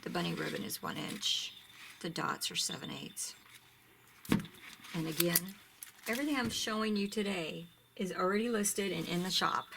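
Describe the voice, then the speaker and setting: In a casual show-and-tell, a woman with a lowish, gravelly voice shows off ribbons from her craft shop. She's chatty and gushing, frequently dropping to a near-whisper, and there's background noise.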